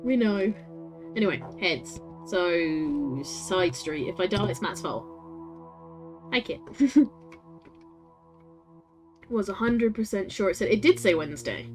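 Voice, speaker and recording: A woman's voice: mid-range voice, expressive, slow, long pauses, soft background music. Chatty woman streaming a game. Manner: chatty, laughing, swearing, talks to chat. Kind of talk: casual game stream, reading aloud.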